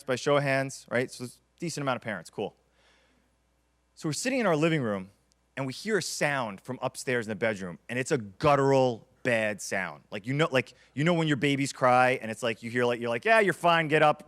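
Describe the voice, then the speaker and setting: A man's voice: medium pitch, fairly bright tone. A man in his thirties giving a motivational keynote, telling stories dramatically and repeating key lines for emphasis. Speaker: keynote speaker.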